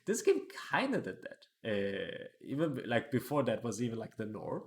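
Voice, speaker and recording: A man's voice: medium pitch, huge pitch swings, moderate pace. A man hosting a casual podcast, talking eagerly and asking his guests questions. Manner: eager, talkative, asks questions. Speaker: podcast host. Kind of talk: casual chat.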